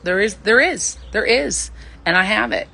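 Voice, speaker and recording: A woman in her thirties hosting a livestream, giving casual, animated dating advice and acting out the voices she quotes. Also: medium pitch, normal speed, creaky. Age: 30s.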